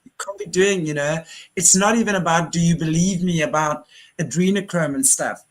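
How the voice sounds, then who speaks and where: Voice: medium pitch, moderate pace, rough recording. An interview host talking in an earnest, impassioned way, often restarting sentences. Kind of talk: casual interview chat.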